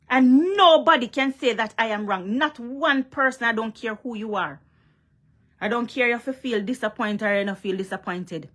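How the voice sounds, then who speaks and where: A Jamaican woman delivers a confrontational vlog rant, mixing Patois and English as she scolds. Her voice sits a little high. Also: fairly bright tone. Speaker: vlogger. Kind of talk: heated monologue to a rival.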